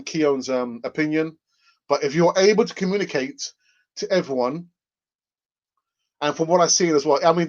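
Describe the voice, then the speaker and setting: Male live-stream host, joking and chatty, slightly high voice, muffled lo-fi mic sound. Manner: jokey, laughs often, reads out viewer comments. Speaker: host of a live fan channel. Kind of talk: casual live-stream chat. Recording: dull lo-fi microphone sound.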